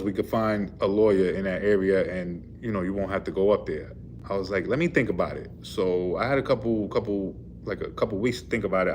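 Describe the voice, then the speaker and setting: A man's voice: fairly low pitch, slight background noise. A man, a truck driver, casually retelling a run-in with the police, rambling and full of fillers. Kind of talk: casual storytelling vlog. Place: in a vehicle.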